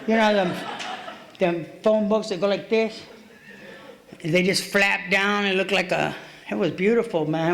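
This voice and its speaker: A woman's voice: lowish voice, a bit bright. A middle-aged woman speaking at a recovery meeting, telling her story in a blunt, streetwise, profane way. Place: meeting hall.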